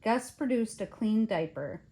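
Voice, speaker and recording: An older woman, a grandmother, reading a children's picture book aloud in an expressive way. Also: medium pitch, measured pace, a little hiss or hum. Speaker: storyteller.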